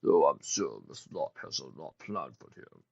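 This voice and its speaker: A man voicing a cold, mechanical male pony jailer in a flat, commanding manner. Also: a bass voice, unhurried, gravelly, slightly rough, dull audio, pitched below the performer's own voice, heavily acted.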